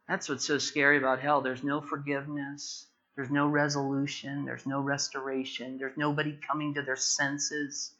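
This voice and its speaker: A man preaching a sermon, moving from quiet prayerful reflection to loud, emphatic, impassioned preaching. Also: medium pitch, little pitch movement, brisk, muffled recording. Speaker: pastor.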